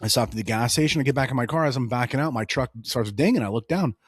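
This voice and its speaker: Speaking fast at a medium pitch, this thirties-aged man co-hosts a laid-back political podcast. He tells animated stories and performs the dialogue himself, captured in a dry, studio-quality recording.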